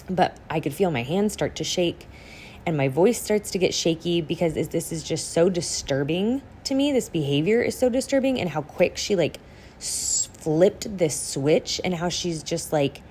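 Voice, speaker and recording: A woman's voice: low-pitched, a little mellow, a little hiss or hum. A young adult woman, a podcast guest, telling a personal story candidly with many "like" fillers.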